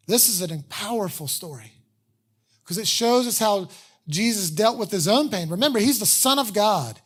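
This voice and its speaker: A pastor preaching a sermon in a candid, conversational way, with self-deprecating asides and slowed, earnest emphasis on key phrases. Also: mid-range voice, animated, breathy edge.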